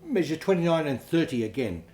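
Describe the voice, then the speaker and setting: A man teaching a flamenco guitar lesson, counting beats aloud and explaining strokes in a relaxed, offhand way. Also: fairly high pitch, a little fast.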